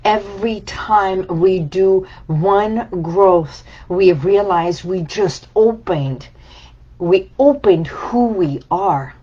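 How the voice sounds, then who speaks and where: A woman's voice: mid-range voice, very slow, dark tone, husky. A woman healing coach giving a reflective motivational talk, repeating and stacking her phrases. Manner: reflective and repetitive, building phrases in lists. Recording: dull lo-fi sound.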